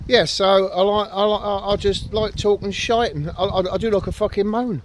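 A man's voice: sits high, fairly even intonation, moderate pace, slight background noise. A man vlogging outdoors with his dogs, rambling and ranting, heavy with swearing and self-deprecating jokes. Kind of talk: casual rambling vlog.

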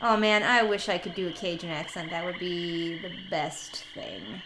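A woman's voice: fairly low pitch, lively intonation, moderate pace, noisy background. A woman hosting a let's-play, making crude, self-mocking jokes as she reads a game aloud. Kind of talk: casual game commentary, reading dialogue aloud. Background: game music.

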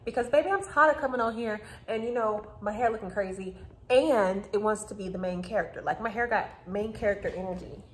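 Woman, chatty vlogger, talks to viewers, mid pitch, roomy echo. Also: a little fast. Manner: chatty, talks to viewers while doing her hair. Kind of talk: casual vlog chat. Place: at home indoors. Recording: echoey room, faint background noise.

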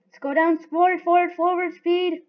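Woman w/ a high voice yelling and chattering thru a game, kinda muffled lo-fi sound. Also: moderate pace. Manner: excitable, talks to herself while playing. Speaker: gaming video host. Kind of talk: live gameplay commentary. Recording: dull lo-fi recording.

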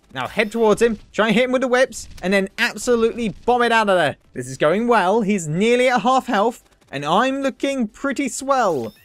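A young man commentating his own gameplay, excitable, swearing and joking at himself. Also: extremely high pitch, no echo. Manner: excitable, swearing, self-mocking jokes. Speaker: gaming video host. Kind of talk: let's play commentary.

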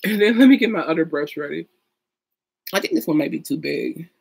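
A woman's voice: low voice, lively intonation, brisk, creaky, husky. A young woman chatting casually while doing her makeup at home, gushing and full of fillers. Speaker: beauty vlogger. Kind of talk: casual get-ready-with-me chat.

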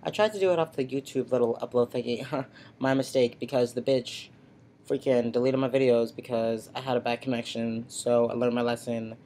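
A man's voice: medium pitch, steady tone, moderate pace, warm tone, slight background noise. A man ranting in a casual, sassy vlog, talking bluntly into his computer's webcam at home. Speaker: vlogger. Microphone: built-in computer webcam mic.

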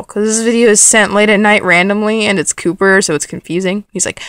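A woman's voice: medium pitch, steady tone, fast, fairly bright tone, dry recording, studio quality. A woman vlogging late at night in a dim room, rambling and reading out text messages. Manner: rambling, giggly, quotes text messages aloud. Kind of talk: casual late-night vlog.

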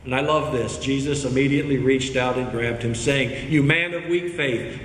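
A man reading scripture and preaching a sermon as pastor, earnest and expressive. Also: medium pitch, moderate pace, hardly any pauses, slight background noise. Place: church sanctuary. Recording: echoey church hall with faint ambience.

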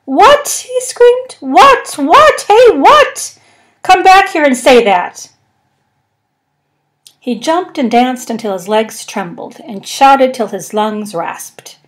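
A woman's voice: medium pitch, darkish tone. Woman reading a story aloud. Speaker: podcast narrator. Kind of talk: audiobook reading.

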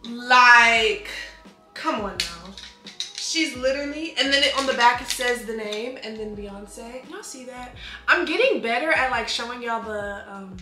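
A young woman chatting excitedly in a casual review video, talking fast with lots of fillers. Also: on the high side. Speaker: beauty vlogger. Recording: echoey room with faint music.

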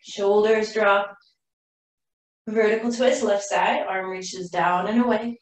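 A woman teaching a live yoga class, cueing poses calmly while doing the flow herself and running out of breath. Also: medium pitch, takes it slowly. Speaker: yoga instructor. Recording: roomy echo from far off the mic.

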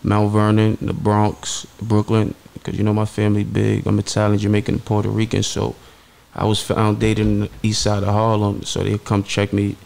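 Chill new dude on a podcast, deep-ish gravelly voice, slangy. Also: male voice, completely flat delivery, moderate pace, a little mellow. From New York. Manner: laid-back street slang. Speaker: podcast guest. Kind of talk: casual interview talk.

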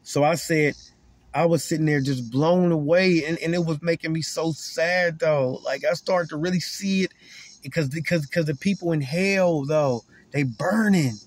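Here the self-styled prophet has a fairly high, husky voice and a moderate pace. Preaching straight into the camera, he hammers his points by restarting and saying key lines again.

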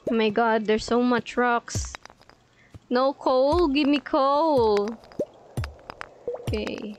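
Slow, playful woman narrating her gameplay. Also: fairly high pitch. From Philippines. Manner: playful, chatters at the game and enemies, giggly. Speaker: gaming channel host. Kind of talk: casual gameplay commentary. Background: background music.

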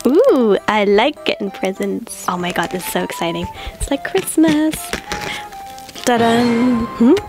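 A woman hosting a casual vlog, bubbly and excitable, often exclaiming as she talks to her viewers. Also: medium pitch, unhurried, over music. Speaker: YouTuber host.

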